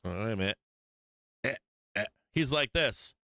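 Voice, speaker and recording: A man hosts a live market stream and walks viewers through his charts, brash and profane and full of hype. His voice is bright and forceful, smooth and clear, and it sits a little high. The close mic keeps the sound dry. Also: moderate pace, dry recording. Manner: brash, profane, hyped-up, addresses viewers directly. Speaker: stock market stream host. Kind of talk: casual live chart commentary.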